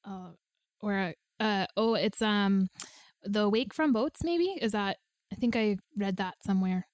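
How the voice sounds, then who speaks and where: A woman's voice: mid-range voice, darkish tone, no echo. A woman player in a tabletop horror game, speaking in character in a playful, joking way. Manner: playful, quick to laugh.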